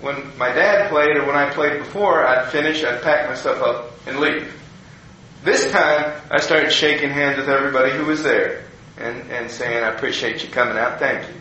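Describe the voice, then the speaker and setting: Older pastor telling a story in an echoey room. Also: male voice, mid-range voice, normal speed, a little hiss or hum. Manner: folksy, animated storyteller, acting out quoted people. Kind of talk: personal story told to an audience. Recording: very echoey room, faint ambience.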